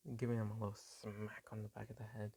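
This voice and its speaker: A man's voice: on the low side, completely flat delivery, fast talker, vocal fry, warm tone, a little hiss or hum, low-quality recording. A man casually retelling a fan story on his phone, rambling with lots of ums and likes and mumbling some of the quoted lines.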